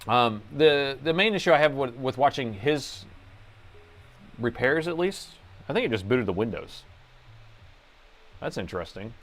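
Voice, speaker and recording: A man's voice: mid-range voice, lively intonation, unhurried, pauses often, fairly bright tone. A man chatting casually on a live repair stream, rambling, laughing and reading viewer comments aloud.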